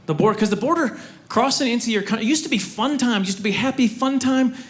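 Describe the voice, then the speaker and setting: A man from Canada doing an animated stand-up set, full of fillers and sudden loud outbursts. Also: extremely high pitch, fast talker. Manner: animated, acts out voices, loud bursts and many fillers. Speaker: stand-up comedian. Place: comedy club stage before a laughing audience.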